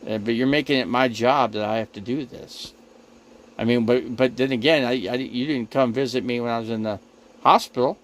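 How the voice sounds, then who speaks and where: Man, livestream host, RV, casual chat to viewers, rambling, repetitive, defensive, mid-pitched. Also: fairly quick, poor audio.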